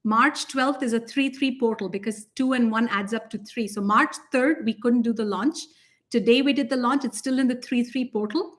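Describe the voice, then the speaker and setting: A woman co-hosting a spiritual talk, gushing with excitement and laughing often. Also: fairly high pitch, moderate pace. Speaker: spiritual teacher and co-host. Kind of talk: casual chat.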